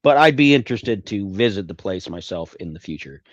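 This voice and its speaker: Male podcast guest, deadpan and sarcastic, low voice, slightly muffled lo-fi audio. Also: brisk, dry recording. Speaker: podcast co-host. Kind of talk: casual chat.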